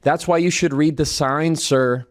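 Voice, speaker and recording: A man's voice: on the low side, sing-song, fast talker. A man quoting a middle-aged female airport security agent, mostly in his own voice. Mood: condescending. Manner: condescending, then flustered and apologetic.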